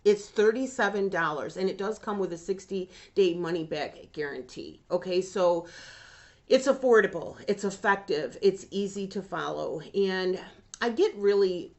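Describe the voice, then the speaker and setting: A woman's voice: medium pitch, moderate pace, a little mellow, lo-fi sound. A woman hosting a dog training channel, talking earnestly and emotionally to camera and getting choked up about the dogs. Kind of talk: emotional direct-to-camera talk.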